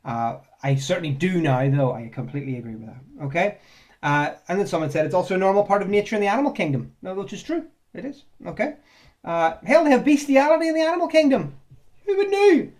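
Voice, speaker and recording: A man's voice: high voice, expressive, fast, darkish tone. A man, chatting sarcastically as he reads out and answers viewer comments, rambling and laughing often. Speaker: ex-Jehovah's Witness vlogger. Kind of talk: casual commentary on reader comments.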